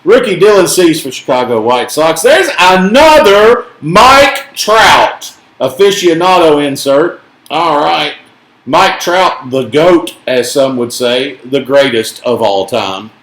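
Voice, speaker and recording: In an echoey room, a Tennessee man with a gentle Southern accent runs a laid-back card break, joking as each card is announced. He speaks a little slowly in a mid-range voice.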